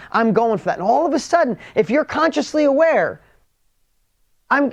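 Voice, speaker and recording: Speaking to an audience with a very high voice, a man gives a blunt, energetic motivational talk on lo-fi audio. He alternates between emphatic, loud statements and quiet, hushed moments.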